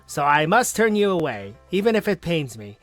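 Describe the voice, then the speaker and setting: A man's voice: a little high, sing-song, normal speed, fairly bright tone, dry recording, faint music behind. A man voicing a boastful, proud male clan warden for a game, with pompous, grandiose declarations.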